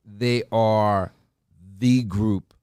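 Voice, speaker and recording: Speaking extremely slowly in a fairly low, clean-toned voice, an American morning show host chats casually and animatedly, performing other people's lines with many restarts. The studio recording is clean, with no echo.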